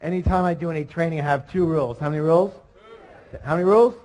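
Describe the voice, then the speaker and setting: A man giving an energetic motivational seminar talk, calling out questions to the audience. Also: on the high side, very fast, rough recording. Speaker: seminar speaker.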